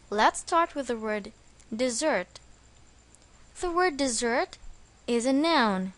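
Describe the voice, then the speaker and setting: A woman delivers a scripted English vocabulary lesson in a measured, unhurried way. Her voice sits a little high, and she leans on each stressed syllable as she explains. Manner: slow, careful, stressing syllables. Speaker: English teacher.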